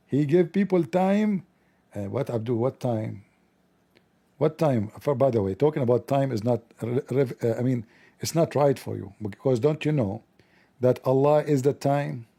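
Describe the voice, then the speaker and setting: A man hosting a livestream, talking in a sarcastic, mocking comedic monologue with a gravelly voice. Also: medium pitch, measured pace, warm tone. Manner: sarcastic, mocking, acts out dialogues. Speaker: livestream host.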